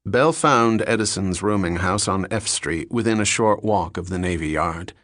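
A man narrating an audiobook in a steady, even storytelling manner. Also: low voice, moderate pace, hardly any pauses, no room sound, clean studio sound.

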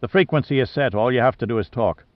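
A man's voice: mid-range voice, fast talker, no echo, highs cut off, lightly acted. A man voicing a polite, anxious young male naval officer who pleads with his captain, in a storybook reading. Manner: deferential, pleading.

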